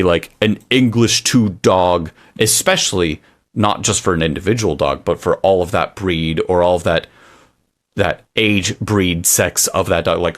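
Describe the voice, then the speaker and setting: A man co-hosting a podcast, talking casually and sarcastically, acting out little voices for what dogs might be thinking. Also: low voice. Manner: animated, sarcastic, acts out dog thoughts in voices. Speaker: podcast co-host. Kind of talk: casual chat.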